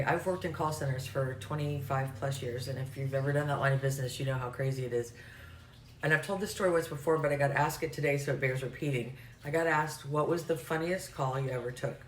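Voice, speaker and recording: A middle-aged woman with a Southern US accent telling a funny story in a joking, profane, conversational way. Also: low-pitched. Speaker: vlogger and life coach. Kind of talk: comic storytelling. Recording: roomy, distant mic with faint noise.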